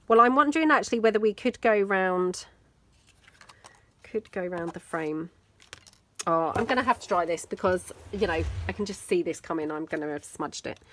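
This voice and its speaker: British woman chatting thru her craft project, lowish voice, bit self-deprecating. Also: a bit bright. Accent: British English. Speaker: mixed media craft video host. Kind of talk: casual crafting tutorial, talking while working.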